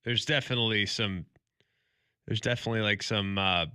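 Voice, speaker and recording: Guy on morning sports radio, joking around with mock seriousness, really bright voice. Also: on the low side, fairly even intonation, a little fast, clean tone, no echo, clean studio sound. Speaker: radio sports talk co-host. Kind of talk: casual morning radio banter.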